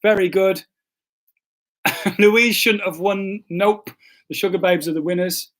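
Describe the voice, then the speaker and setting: High-voiced jokey pastor. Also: male voice, fairly even intonation, slow, a bit bright. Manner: jokey and self-deprecating, stumbles and apologizes. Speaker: pastor hosting a live stream. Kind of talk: casual livestream chat, reading quiz results.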